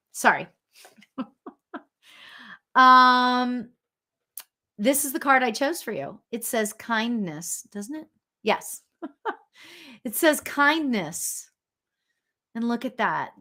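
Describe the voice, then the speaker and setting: A chatty woman medium talks straight to her viewers in a bright, forceful voice that sits a little high. She giggles often and trails through ums and restarts as she reads comments and gives readings. Her talk is loose and casual. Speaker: spiritual medium hosting a live show.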